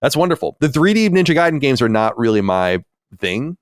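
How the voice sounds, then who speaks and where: A man's voice: medium pitch, big pitch swings, fairly quick, dry recording, studio quality. A man in his forties hosting a podcast, chatting casually in a rambling, candid way, full of fillers and asides. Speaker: podcast host.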